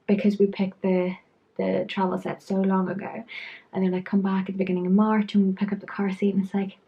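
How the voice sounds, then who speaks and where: A woman's voice: mid-range voice, completely flat delivery, brisk, dull audio. A young woman giving frank, chatty pregnancy advice to camera, trailing into asides. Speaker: pregnancy vlogger. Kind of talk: casual talk-to-camera advice.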